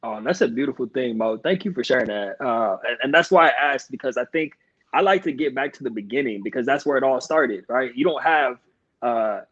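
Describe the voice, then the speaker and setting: A man hosts an interview over a video call and speaks to his guest in an encouraging, thoughtful way. His voice sits at a middle pitch, and the audio is dry and a little dull. He keeps a relaxed, conversational pace. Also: dry recording. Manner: warm, affirming, thoughtful interviewer. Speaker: podcast host. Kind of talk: casual interview.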